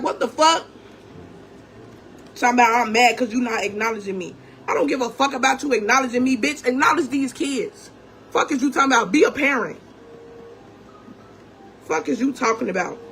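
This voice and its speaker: Her high, slightly bright voice carries an angry rant as the young vlogger tells a story to her audience, cursing and confronting them head-on. She addresses them as "gang," and there's slight background noise.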